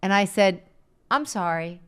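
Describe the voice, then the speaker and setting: A woman's voice: medium pitch, expressive, unhurried, a little hiss or hum. A woman, the host's wife, telling a story in a dry, matter-of-fact way on a live show. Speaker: guest, comedian's wife. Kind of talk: casual storytelling.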